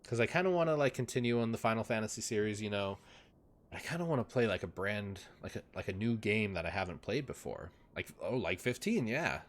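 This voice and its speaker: A man's voice: fairly low pitch, lively intonation, brisk. A young man chatting casually on a live game stream at his desk at home, rambling with lots of fillers and talking sweetly to his dogs.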